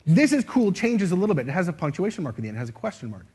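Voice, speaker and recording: Playful husky man leading a crowd. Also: a little high, big pitch swings, very fast, a little mellow. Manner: playful, demonstrative, shifts voice to show expression. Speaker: speaker leading an audience activity. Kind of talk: interactive stage talk. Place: stage before a live audience.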